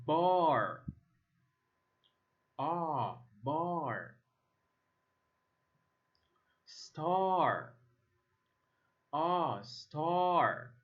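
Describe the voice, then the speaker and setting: A man from Egypt, a native Arabic speaker, teaching English pronunciation. He repeats single words slowly to contrast vowel sounds. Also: on the high side, big pitch swings. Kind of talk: slow drilling of vowel sounds, repeat-after-me. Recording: slightly dull lo-fi sound.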